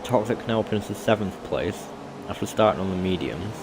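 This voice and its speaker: Deep-voiced man co-commentating a race. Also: animated, a little fast, noisy background. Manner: matter-of-fact, giving standings and strategy. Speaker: sim racing co-commentator.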